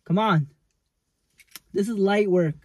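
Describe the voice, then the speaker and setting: A man's voice: high voice, slow pace, darkish tone, slightly rough. A young man vlogging on a road trip from his car, rambling and nervous, poking fun at himself. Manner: rambling, nervous, self-mocking. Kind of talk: casual road-trip vlog. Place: inside a car.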